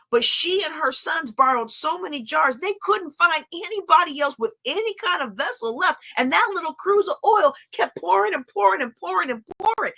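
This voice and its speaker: A woman's voice: high-pitched, pushed and bright. A middle-aged woman teaching a faith-based lesson, emphatic and repeating phrases for stress. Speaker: Bible study teacher.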